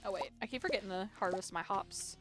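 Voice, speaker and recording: A woman's voice: mid-range voice, fast talker, music in the background. A woman game streamer chatting casually while she plays, rambling through a story with lots of "like" and free swearing.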